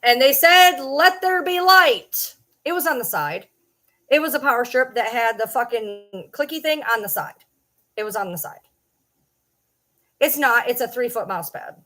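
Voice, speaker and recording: A woman's voice: on the high side, lively intonation, moderate pace, pauses often, fairly bright tone. Cussing woman chatting on a livestream. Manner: profane, rambling and self-mocking, chatting with viewers and her dog. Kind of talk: casual live-stream chat. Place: home room at her desk.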